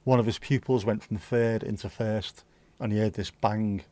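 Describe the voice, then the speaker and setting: A man's voice: on the low side, steady tone, normal speed, a little mellow, no echo. A middle-aged man from Liverpool with a Scouse accent, hosting a livestream in rambling, casual chat that swears freely. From Liverpool, England. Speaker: livestream host.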